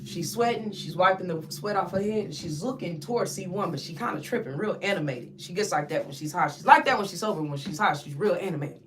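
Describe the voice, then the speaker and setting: Woman telling a vivid story, low voice. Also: fast talker, few pauses, crowd noise. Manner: vivid retelling, acts out others' voices, repeats words when upset. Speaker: interview guest. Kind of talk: emotional personal storytelling.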